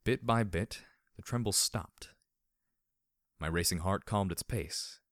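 A man reading a first-person story aloud, measured and wry. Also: sits low, a bit bright, no room sound, studio quality. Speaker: audiobook reader.

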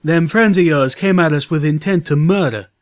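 A man's voice: high voice, normal speed, voice pushed up, close to an everyday voice. A man voicing a defiant male pegasus gunman who talks muffled and mumbling through clenched teeth, blunt and with a country drawl.

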